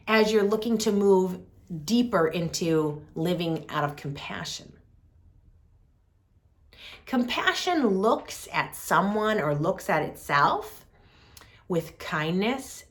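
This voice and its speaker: A woman hosting a reflective talk on compassion, speaking softly and deliberately with gentle pauses. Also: mid-range voice. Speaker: host.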